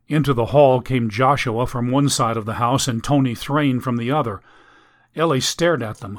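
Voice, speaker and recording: A man reading a story aloud in scripted narration, steady and even. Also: mid-range voice, normal speed. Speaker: audiobook narrator.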